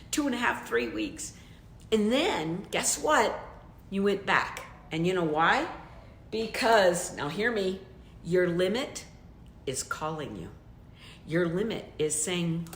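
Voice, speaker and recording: A woman business coach giving a motivational training talk, speaking emphatically and putting repeated questions straight to her listeners. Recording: roomy echo, faint rumble.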